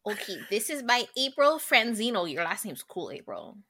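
Chatty bright-voiced woman co-hosting. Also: on the high side, very animated, moderate pace, husky. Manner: chatty, reads article text aloud, laughs a lot. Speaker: podcast co-host. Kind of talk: casual chat.

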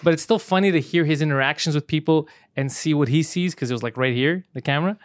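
Man, podcast co-host, casual banter, fast pace, dry close sound. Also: fairly high pitch, dry recording. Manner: rapid, profane storytelling with acted quotes.

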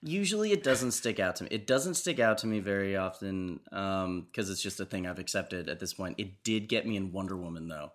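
A man with a fairly low voice chats casually on a podcast. He rambles, circles back and restarts his sentences as he works through a point. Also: brisk, few pauses, fairly bright tone. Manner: rambling, many restarts and fillers. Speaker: podcast co-host. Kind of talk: casual chat.

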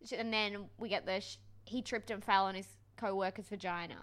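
Bright, giggly woman. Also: medium pitch, steady tone, fairly quick. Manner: giggly, blunt and jokey. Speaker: podcast co-host. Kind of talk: casual chat recapping a TV show.

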